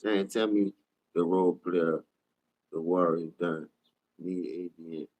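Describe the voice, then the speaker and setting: A man hosts a live sports talk stream. He trash-talks players in a heated, profane rant. His delivery swings from low, muttered asides to high, shouted outbursts. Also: steady tone, measured pace, poor audio. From New Orleans. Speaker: sports talk show host.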